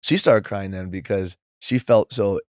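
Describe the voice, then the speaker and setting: A young man talking as a podcast guest in a rambling, casual way, saying "like" a lot and quoting others in lively voices. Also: on the low side, unhurried, clean tone, no room sound, clean studio sound. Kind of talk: casual interview chat.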